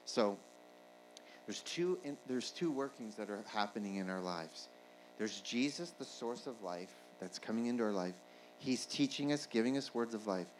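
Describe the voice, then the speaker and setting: Man preaching, rising to shouts. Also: medium pitch, low-quality recording. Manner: preaching with rising shouts and call-and-response "Amen?". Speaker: pastor. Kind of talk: sermon.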